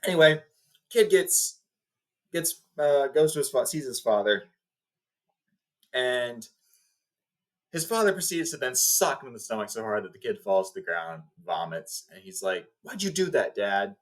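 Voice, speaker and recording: A man's voice: medium pitch, very animated, measured pace, long pauses. A man hosting a video, casually retelling a movie plot in a rambling, filler-heavy way. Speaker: video host.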